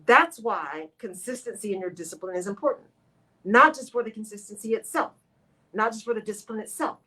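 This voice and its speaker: A woman's voice: medium pitch, a little fast, bright, forceful tone, slightly rough, low-quality recording. A woman hosting a live radio talk show, speaking expressively to her listeners and acting out her own inner voice.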